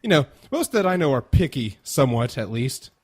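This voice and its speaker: Lively, self-mocking male podcast guest. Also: medium pitch, brisk, husky. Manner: self-mocking, stammers when flustered. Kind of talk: casual podcast banter.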